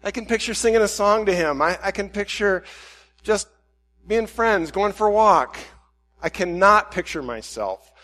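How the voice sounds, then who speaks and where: A man's voice: fairly high pitch, fairly bright tone. A man preaching a candid, self-questioning sermon and voicing his own inner dialogue. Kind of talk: reflective sermon.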